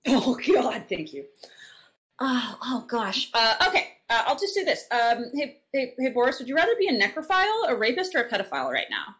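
A woman co-hosting a casual podcast chat, excitable and teasing. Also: on the high side, moderate pace. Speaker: co-host.

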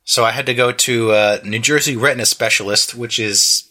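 A man in his thirties chats casually with a bright, forward tone. He rambles through a story, full of "like" and restarts, slipping into quick impressions of the people he met. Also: medium pitch, steady tone. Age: 30s. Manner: rambling storyteller, many fillers and restarts, acts out quotes. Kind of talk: casual chat.

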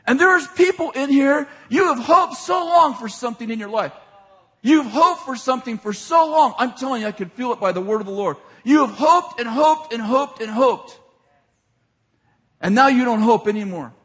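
High lively preacher guy, husky voice, long church hall echo, gets shouty. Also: normal speed. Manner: animated, retells scripture in casual speech, rises to shouting. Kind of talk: sermon.

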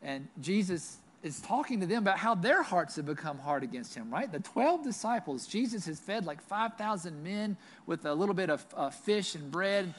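A man's voice: high voice, expressive, moderate pace, hardly any pauses. A man pastor with a Southern US accent preaching a sermon in a conversational way, often checking in with "right?". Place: church.

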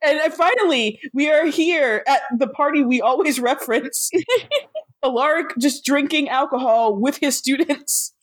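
A woman's voice: high voice, a little slow, dry recording. An American woman co-hosting a podcast, chatting casually about a TV show, giggly and full of fillers. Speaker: podcast co-host. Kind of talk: casual recap chat.

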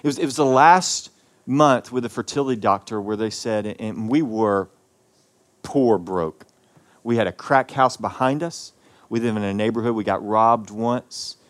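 Earnest male pastor preaching. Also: lowish voice. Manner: earnest, emotional storytelling with pauses and repetitions. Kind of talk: sermon with personal story.

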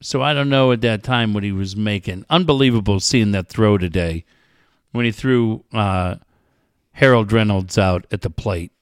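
A man's voice: on the low side, normal speed, clear, resonant tone, no echo, clean studio sound. A man co-hosting a casual podcast, guessing aloud and swearing often in loose banter. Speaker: co-host.

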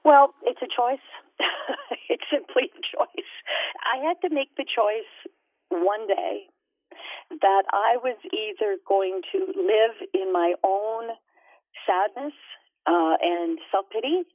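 A woman's voice: mid-range voice, takes it slowly, pauses often, dry recording. A woman guest, an author and minister, speaks earnestly and reflectively about her faith, with many fillers. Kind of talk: faith-based interview talk. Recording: dry, tinny phone-like sound.

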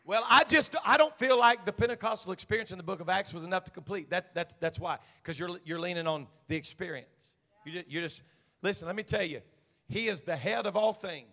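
High, bright-voiced preaching man in a hall. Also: a little fast. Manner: swings from quiet asides to shouted preaching. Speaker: senior pastor. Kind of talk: Pentecostal sermon. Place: church sanctuary.

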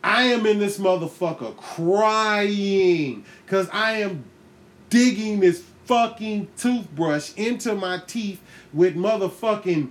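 Give me a profane man hosting a podcast, telling a comic story with lots of laughs, pitch bouncing all over. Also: a little slow. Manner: profane, animated, laughs often, acts out voices. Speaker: podcast host. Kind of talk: comedic storytelling monologue.

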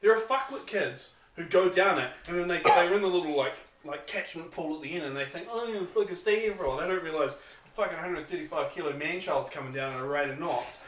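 A man's voice: fairly high pitch, fairly quick. A man with a New Zealand accent co-hosting a podcast, telling crude, profane stories in a rowdy way. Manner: profane, rowdy, loud acted-out exclamations. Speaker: podcast co-host. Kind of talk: crude casual storytelling. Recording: echoey room, mic at a distance.

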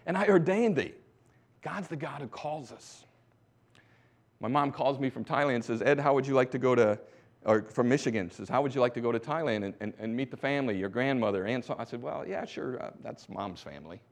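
Preaching man, hushed then loud. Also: medium pitch, fairly quick, creaky. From United States. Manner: exhorting, swinging from hushed to loud. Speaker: missionary preacher. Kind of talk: sermon testimony.

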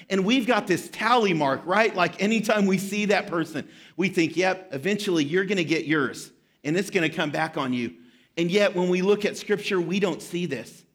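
A man in his thirties preaching a sermon as pastor, telling a story with animated, self-deprecating humor. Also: high-pitched.

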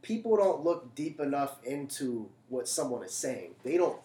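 Comedian guy ranting on a podcast, mid pitch, roomy echo. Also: normal speed, slight background noise. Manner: animated, emphatic and profane when ranting. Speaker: stand-up comedian. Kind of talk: casual podcast chat.

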